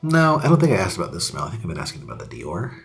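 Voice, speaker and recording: A man's voice: sits low, huge pitch swings, racing, vocal fry, faint music behind. A young man chatting casually as he tries out makeup on camera, upbeat and talkative, sometimes dropping to a whisper while he applies it. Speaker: beauty vlogger. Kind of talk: casual makeup tutorial chat.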